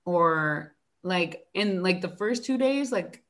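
A woman's voice: on the low side, takes it slowly. Chatty woman teacher telling classroom stories. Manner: animated storytelling, acting out her students and herself; frequent fillers like "like". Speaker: elementary school teacher. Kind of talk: casual chat.

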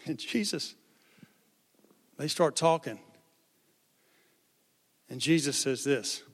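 A man with a slightly high voice speaks slowly in a large hall. He's a pastor delivering a sermon in a conversational, animated way, acting out the quotes of people in his story.

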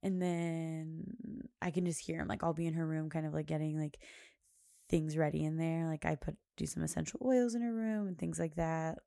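A woman's voice: low-pitched, steady tone, moderate pace, gravelly, dark tone, dry recording, clean studio sound. A young woman hosting a podcast, telling a rambling, casual story full of fillers. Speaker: podcast host. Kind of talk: casual chat.

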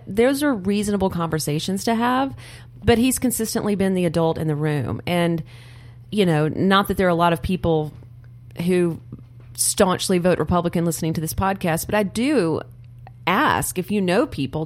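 A woman's voice: lowish voice, a little mellow. A woman co-hosting a political podcast in a studio, speaking earnestly and laughing between points. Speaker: podcast co-host.

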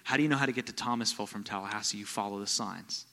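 A man preaching a sermon as a visiting pastor, telling stories and swinging from quiet, low passages to loud, excited bursts. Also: very fast, long reverb tail. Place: church.

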